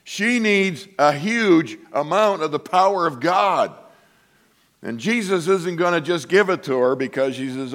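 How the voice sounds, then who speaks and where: A man preaching a sermon to his congregation, telling a story with lively asides and acting out the voices of the people in it. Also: a little high, unhurried. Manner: animated storytelling, acts out quoted voices. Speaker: pastor.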